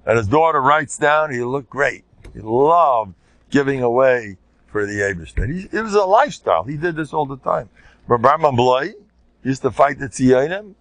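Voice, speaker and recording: An older rabbi with an American Orthodox Jewish English accent tells stories in an informal Torah class. His voice sits at an ordinary pitch, and he sometimes breaks into loud shouted quotes. The recording is dry and close, with almost no room sound. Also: animated, moderate pace, no echo. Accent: American Orthodox Jewish English with Yiddish words. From United States.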